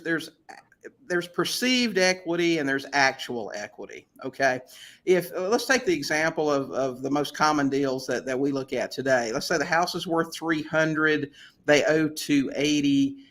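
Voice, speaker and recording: Chatty, somewhat high-voiced man telling stories. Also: moderate pace. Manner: chatty, animated anecdote-teller with frequent restarts. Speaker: guest real estate investor. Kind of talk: casual storytelling in a podcast interview.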